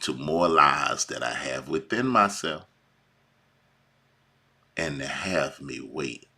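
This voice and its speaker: A man preaching informally, swinging from hushed lines to near shouting. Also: rumbling low, slow, gravelly. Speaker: bible teacher.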